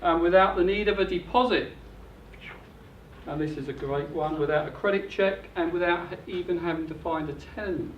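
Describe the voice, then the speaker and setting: Older guy selling a property seminar, highish voice, dull muffled echoey recording. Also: normal speed, far from the mic, slight background noise. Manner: upbeat, salesy pitch. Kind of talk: seminar presentation. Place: hotel function room.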